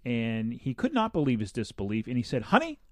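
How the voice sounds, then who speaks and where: A man's voice: mid-range voice, brisk, background noise. A man co-hosting a casual podcast, reading odd news stories and joking about them with frequent laughs. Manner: animated, laughs often, jokey asides. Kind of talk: casual chat.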